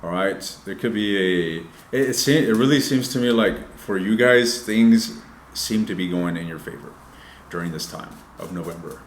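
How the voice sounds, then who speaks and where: 男性塔罗占卜师，声音偏低，房间有回声. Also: male voice, fairly low pitch, moderate pace, roomy sound, slight background noise. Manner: loose, profane, talks straight to viewers. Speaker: tarot reader. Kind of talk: casual tarot reading.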